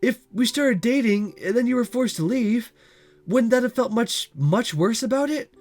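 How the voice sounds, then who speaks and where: A man with a cold voicing an evasive teenage boy in a visual novel reading, speaking lower than his own voice. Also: lively intonation, normal speed. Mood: defensive. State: has a cold.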